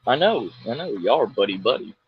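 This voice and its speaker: A man's voice: mid-range voice, sing-song, brisk, husky, no echo, muffled recording. A man co-hosting a casual live-stream chat show, laughing often and rambling.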